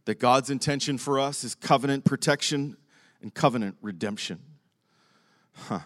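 A man's voice: medium pitch, moderate pace, a bit bright. An older man, a pastor preaching a sermon, tells a personal story with animation, acting out both sides of a conversation and laughing along the way.

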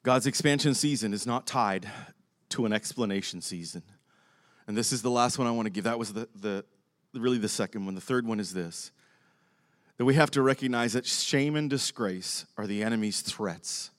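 An older male pastor with a lowish voice preaches at a moderate pace, animatedly telling a personal story, playing both sides of a conversation and laughing as he goes.

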